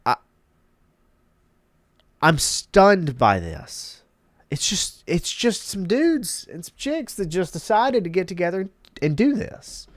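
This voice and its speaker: A man's voice: high voice, wildly swooping pitch, takes it slowly, pauses often, dry recording, clean studio sound. A congested man hosting his own channel, giving emphatic, opinionated commentary and repeating key words for effect. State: congested, stuffed-up nose. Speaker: channel host.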